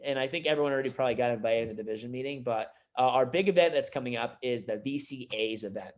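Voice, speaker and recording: A man running a sales team meeting, giving an energetic motivational talk full of "like" and "you know". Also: medium pitch.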